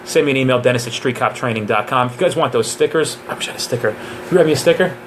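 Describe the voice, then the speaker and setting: A man's voice: mid-range voice, racing, noisy background. A man who trains police officers, giving a casual live question-and-answer session with jokes and digressions.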